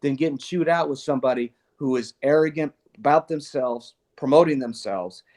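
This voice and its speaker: An older man, a retired police chief, talking casually and earnestly about leadership and parenting. He tells stories with an animated delivery, laughs often and restarts his sentences. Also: medium pitch, moderate pace. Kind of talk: casual conversational storytelling.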